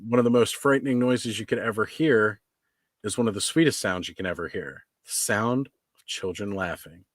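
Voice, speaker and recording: A man's voice: on the low side, normal speed, dry recording, clean studio sound. A man hosting a podcast, chatting casually with joking, easygoing banter. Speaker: podcast host. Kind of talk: casual chat.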